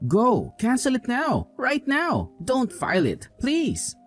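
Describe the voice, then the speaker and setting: A woman's voice: fairly high pitch, wildly swooping pitch, slow, faint music behind, full character voice. A woman voicing a young, hot-tempered husband loyal to his mother, talking in an accusing, scolding way. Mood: pleading. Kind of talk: dramatized story dialogue.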